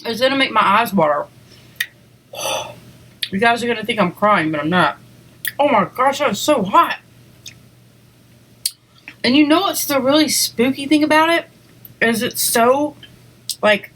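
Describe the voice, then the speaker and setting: A woman's voice: a little high, expressive, measured pace, long pauses, a bit bright, poor audio. A woman hosting a casual eating video, chatting to viewers between bites with lots of "like" and "um" and small giggles. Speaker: eating show host. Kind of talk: casual mukbang chat to viewers.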